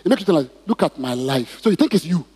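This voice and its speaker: A man's voice: a little high, sing-song, quick pace, darkish tone, husky. A man preaching a sermon in church, asking the congregation questions and drawing responses. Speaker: pastor. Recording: reverberant hall.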